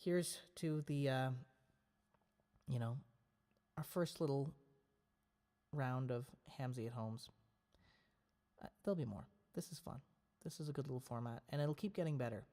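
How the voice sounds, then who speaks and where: A man's voice: mid-range voice, moderate pace, pauses often, warm tone. A man hosting a casual home livestream, chatting playfully in rambling asides between a cappella songs. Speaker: livestream host.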